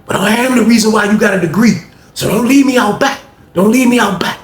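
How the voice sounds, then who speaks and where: Man putting on a broke desperate inmate guy, low mumbly pleading voice, echoey room, faint noise. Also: brisk, lightly acted. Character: desperate male inmate in debt.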